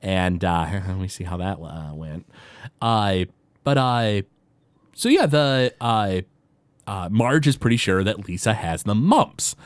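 A man co-hosting a podcast in casual chat, hesitant and halting with many fillers, now and then acting out quoted lines. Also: lowish voice, big pitch swings, dry recording. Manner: acts out quoted characters. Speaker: podcast co-host.

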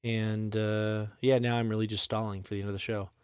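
A man's voice: lowish voice, level tone, brisk, darkish tone, clean tone, no room sound, studio quality. A man from Montana hosting a podcast, rambling and joking with self-deprecating humor. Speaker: podcast host. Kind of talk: casual chat.

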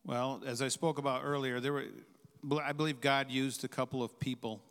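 Candid man telling his story, smooth voice. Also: mid-range voice, flat delivery, a bit bright, in a large hall. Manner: halting, candid, reflective. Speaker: guest. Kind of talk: personal testimony.

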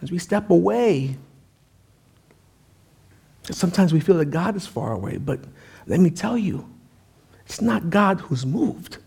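A man's voice: high-pitched, expressive, measured pace, creaky, long pauses, darkish tone, breathy edge. A man preaching a sermon as pastor, in a casual, conversational style with frequent asides.

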